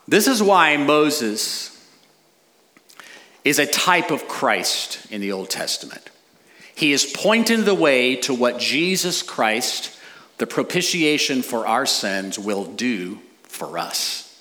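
A middle-aged man preaching a sermon as a pastor, animated with dramatic pauses. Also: medium pitch.

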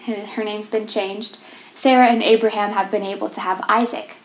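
A woman giving a devotional talk, reading scripture and reflecting on it in a measured, gentle way. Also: medium pitch. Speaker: devotional speaker. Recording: roomy echo.

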